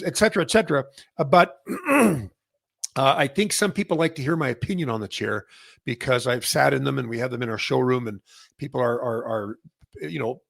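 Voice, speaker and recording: Middle-aged man from Canada, retailer host, gravelly voice, rambling delivery, dry recording. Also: fairly high pitch, a bit bright, no room sound. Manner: rambling, many restarts and fillers. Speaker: massage chair retailer and host. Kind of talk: casual industry update talk.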